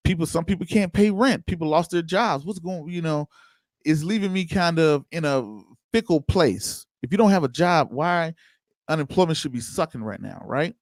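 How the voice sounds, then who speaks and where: Male livestream host, slightly high voice, casual and chatty, close dry mic. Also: a little mellow, no room sound. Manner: loose, conversational, chats with viewers by name. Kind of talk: casual livestream commentary reading chat.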